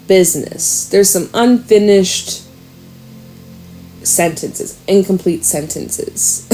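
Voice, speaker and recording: A woman giving a casual tarot reading, chatty and excitable, swearing and laughing now and then. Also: medium pitch, takes it slowly, faint music behind. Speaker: tarot reader.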